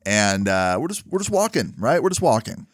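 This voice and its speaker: A man's voice: lowish voice, very animated, normal speed, no room sound, clean studio sound. A young man telling a personal story casually, dropping "like" and "right?" often. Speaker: vlogger. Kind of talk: storytime monologue.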